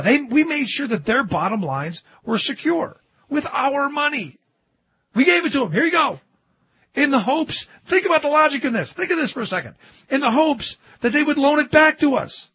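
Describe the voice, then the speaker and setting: A man hosting a political talk show, animated and sarcastic, often mocking others in a put-on voice. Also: very high-pitched, breathy edge, no room sound. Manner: animated and sarcastic, mimicking opponents in quotes. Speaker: talk radio host. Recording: dull lo-fi dry studio sound.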